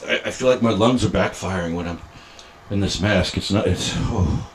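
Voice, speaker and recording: A man's voice: low-pitched, moderate pace, slight background noise. A middle-aged man hosting a podcast in casual, rambling, self-mocking chat. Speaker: podcast host.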